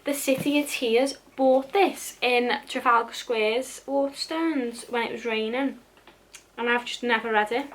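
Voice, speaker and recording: A woman's voice: fairly high pitch, steady tone, a little slow, slight background noise. Chatty young woman book vlogger. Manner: chatty, swears casually, dramatic asides. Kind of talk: casual chat.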